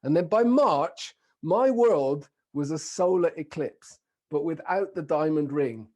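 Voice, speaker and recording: Brief: British man, middle-aged, keynote speaker on a video call, mellow and a bit high, playful and engaging. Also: expressive, measured pace. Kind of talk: online keynote talk. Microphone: video call microphone.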